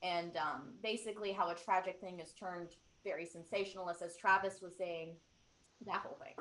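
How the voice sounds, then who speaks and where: A woman talks about old films on a podcast in a bright, clear voice. She is enthusiastic and rambling and full of fillers. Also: lowish voice, steady tone, moderate pace. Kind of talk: casual chat.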